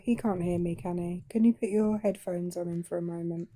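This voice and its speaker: A woman's voice: on the low side, fairly even intonation, a little fast, dark tone, no room sound. A woman co-hosting a casual livestream chat, teasing and wry. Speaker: co-host.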